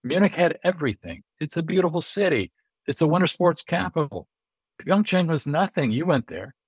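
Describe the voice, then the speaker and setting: A middle-aged American man, a guest on an interview, telling lively anecdotes and acting out the dialogue he quotes. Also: a little high, normal speed, breathy edge, no room sound. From United States. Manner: lively storyteller who acts out quoted dialogue. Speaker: guest, Olympic bid consultant.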